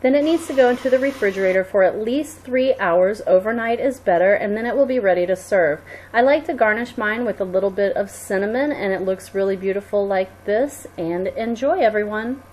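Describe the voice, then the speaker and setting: A woman hosts a cooking video, explaining each step in an even, instructive voice. Her pitch sits in the middle of the range. Faint background noise runs under her narration. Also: a little fast. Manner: steady, instructive, friendly sign-off. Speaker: cooking show host. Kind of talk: scripted cooking demonstration.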